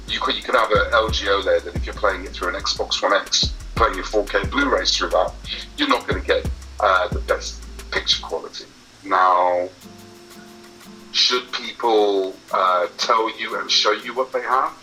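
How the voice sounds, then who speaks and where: Low bright-voiced man chatting casually. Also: rough recording. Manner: chatty, hesitant, lots of uh and I guess. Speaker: YouTube movie reviewer answering questions. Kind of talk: casual chat.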